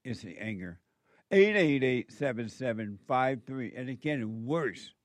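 A man's voice: medium pitch, lively intonation, measured pace, no room sound. A man hosting a call-in radio show, giving spiritual advice in a drawling, preachy way with frequent chuckles.

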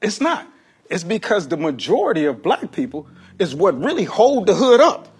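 A male comedian, a guest on an interview show, speaks in a high, husky voice. His pitch swings all over the place as he tells stories in loose slang, laughing often. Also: big pitch swings, normal speed. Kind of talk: casual interview storytelling.

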